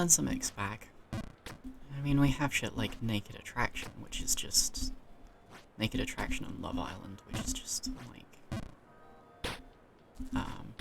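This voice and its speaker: A man's voice: medium pitch, gravelly. A young man with a British accent talks to himself in a rambling, sweary way. He corrects himself often and drops into muttered asides. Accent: British English. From Britain. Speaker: vlogger. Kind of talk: rambling solo chat.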